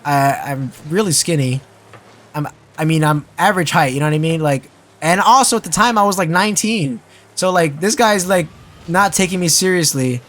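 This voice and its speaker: A man's voice: on the high side, moderate pace, a bit bright. A young man telling a casual story as a vlogger, rambling with lots of fillers and restarts and swearing freely.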